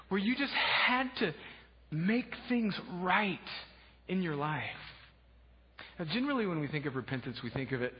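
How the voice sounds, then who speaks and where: A man preaching a sermon as pastor, impassioned, swinging from hushed asides to shouted exclamations. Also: a little high, husky. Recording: dull lo-fi sound with long hall reverb.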